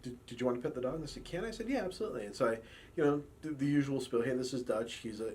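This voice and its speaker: Low-voiced police officer telling stories. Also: male voice, a little hiss or hum. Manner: relaxed storytelling with quoted dialogue. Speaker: campus police officer and dog handler. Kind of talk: documentary interview.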